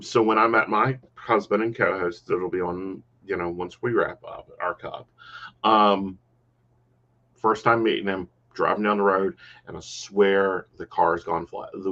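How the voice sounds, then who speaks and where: A man hosting a casual podcast chat, telling stories in a lively way and quoting himself. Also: low voice, dull audio. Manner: animated storyteller, quotes himself. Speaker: podcast host.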